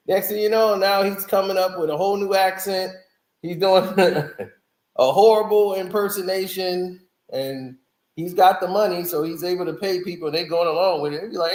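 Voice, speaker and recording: A man's voice: high voice, moderate pace, darkish tone, echoey room. A man giving casual, opinionated commentary as a music reviewer, laughing often and making mocking asides.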